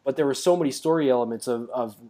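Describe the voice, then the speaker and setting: A man's voice: mid-range voice, quick pace, mellow. A man co-hosting a podcast in casual chat, rambling along with many fillers and restarts. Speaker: podcast co-host.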